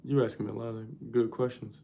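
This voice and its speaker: A man's voice: medium pitch, little pitch movement, brisk, creaky, warm tone, reverberant, slight background noise. A young man hosting a livestream, talking loosely and slangily straight to his viewers' chat. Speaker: livestream host.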